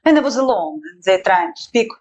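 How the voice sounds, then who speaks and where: Woman, Russian accent, non-native English, emphatic, halting, mid pitch. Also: big pitch swings, darkish tone, slight background noise, rough recording. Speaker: war correspondent guest. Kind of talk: interview answers.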